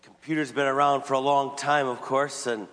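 A man's voice: medium pitch, little pitch movement, moderate pace, fairly bright tone. A man giving a sermon as a priest, telling stories in a conversational way and acting out little quotes. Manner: conversational storytelling with acted quotes. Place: church. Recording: long hall reverb.

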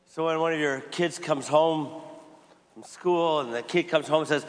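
A priest delivers his homily in a fairly high voice, telling stories casually and slipping into little acted quotes. His voice rings out with a long reverb, as in a large church. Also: normal speed. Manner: conversational storytelling with acted quotes. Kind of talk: sermon.

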